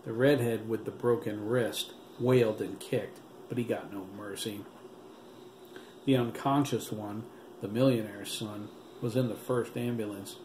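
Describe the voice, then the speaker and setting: A man reading his own novel aloud as an audiobook, in a steady, dramatic storytelling manner. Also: lowish voice, a little slow. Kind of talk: audiobook narration. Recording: roomy echo, faint background hiss.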